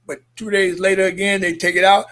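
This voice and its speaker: A man's voice: high voice, level tone, brisk, fairly bright tone. An older man, a former Olympian and activist, telling stories with emphatic force and checking in with his listeners. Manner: emphatic, checks in with 'Okay?' and 'Understand?'. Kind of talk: impassioned storytelling.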